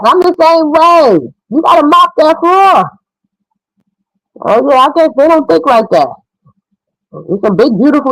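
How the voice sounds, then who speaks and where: A woman's voice: on the high side, no echo, poor audio. A middle-aged woman giving frank, opinionated casual commentary as a mother.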